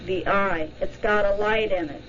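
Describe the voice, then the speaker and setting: A woman voicing a frightened woman recalling a strange light, halting and dazed. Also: mid-range voice, a bit bright, highs cut off, a little hiss or hum, close to an everyday voice. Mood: dazed fear.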